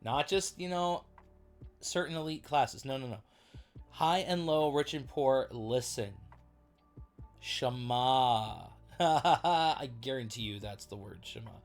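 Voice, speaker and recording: A man hosting a casual livestream Bible study, chatty and excitable, breaking off to react to viewers. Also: mid-range voice, slow, soft background music.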